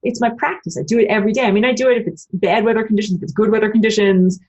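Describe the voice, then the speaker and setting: A woman talking casually about spiritual ideas and answering her live chat, acting out quoted voices with big jumps in pitch and swearing bluntly. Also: fairly even intonation, very fast, a little mellow, highs cut off. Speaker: spiritual channel host.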